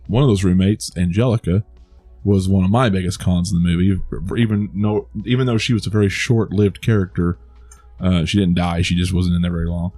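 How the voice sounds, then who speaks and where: Over soft music, this man's low, warm voice moves fairly quickly with a steady tone. As a podcast co-host in a relaxed movie chat, he wanders, keeps starting over, and chuckles at his own humor.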